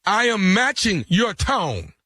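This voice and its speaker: A man on a radio morning show making a prank phone call, loud, indignant and teasing. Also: high-pitched, wildly swooping pitch, slow pace, dry recording, clean studio sound.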